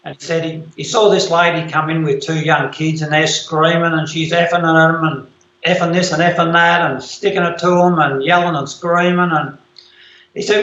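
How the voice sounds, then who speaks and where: Man, high voice, casual coaching chat, joke-telling, echoey room, muffled lo-fi sound. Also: level tone, normal speed, a bit bright. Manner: tells jokes and anecdotes, encouraging. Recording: roomy, dull lo-fi call audio.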